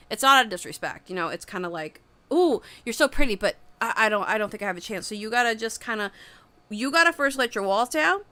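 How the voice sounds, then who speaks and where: A woman's voice: mid-range voice, bright, forceful tone. A woman giving a casual livestream tarot reading into a webcam, chatty, rambling and frank. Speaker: tarot reader.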